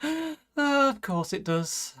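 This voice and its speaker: A woman streamer casually playing a game, reading its text aloud and reacting excitably, swearing freely. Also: high voice, slow pace.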